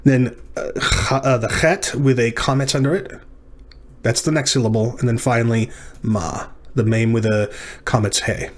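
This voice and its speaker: In a recorded lecture, a man walks through each exercise step by step, thinking out loud, pausing on "um" and correcting himself along the way. His voice is an ordinary middle pitch with a steady tone.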